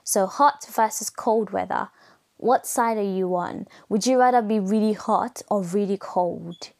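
A woman's voice: medium pitch, unhurried, creaky, a little mellow. Young woman from Nigeria, solo podcast host; casual, rambling, filler-heavy delivery. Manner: chatty, rambling, full of "like" and self-corrections.

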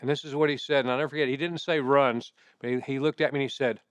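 A middle-aged pastor preaching a sermon in a conversational way, mixing scripture with personal stories. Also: male voice, mid-range voice, steady tone, fast talker, clean tone, no echo.

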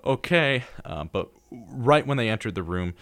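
Young man, radio host, low voice, dry studio sound, rambling storyteller. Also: moderate pace, dry recording. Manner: relaxed storyteller, acting out scenes with many ums. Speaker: radio talk show host. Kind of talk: casual chat about horror movies.

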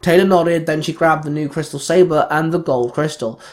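A man reading fan fiction aloud in a steady, plain narration. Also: fairly high pitch, moderate pace. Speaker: storyteller.

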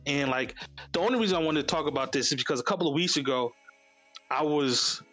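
A man's voice: on the high side, fast, sharp tone. A young man hosting a casual chat, talking candidly and rambling with lots of fillers. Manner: candid, rambling, frequent "you know" and "like". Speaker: podcast host. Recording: faint music behind.

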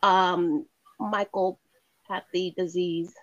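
A woman's voice: fairly low pitch, little pitch movement, drawn-out words, fairly bright tone, no room sound, highs cut off. A woman co-hosting a podcast, chiming in with affirmations and reading out feel-good news stories. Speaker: podcast co-host. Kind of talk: casual chat and story reading.

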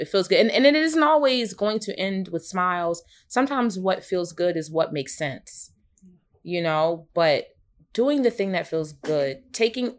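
A woman in her thirties co-hosting a casual podcast, telling a personal story expressively with big swings in pitch. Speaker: podcast co-host.

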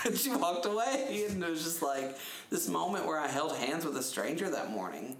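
A man in his thirties telling a story in a casual chat, animated and laughing often, his pitch jumping up when he retells things. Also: normal speed, hardly any pauses. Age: 30s. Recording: echoey room with faint noise.

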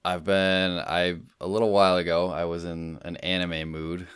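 A man with a deep, smooth voice talks eagerly in quick bursts as a podcast co-host. His casual chat is keen and unhurried between rushes. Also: little pitch movement, fairly bright tone.

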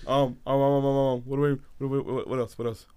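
A man co-hosting a casual podcast, giggling often and filling pauses with ums and restarts while he reads out headlines. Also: mid-range voice, level tone, warm tone, clear, resonant tone, no room sound. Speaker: podcast co-host. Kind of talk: casual chat and reading headlines.

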